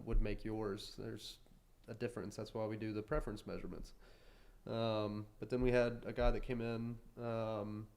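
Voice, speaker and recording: A young man, a suit shop owner, chatting casually as a guest in an interview, rambling with lots of fillers. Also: on the low side. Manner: rambling, filler-heavy, relaxed.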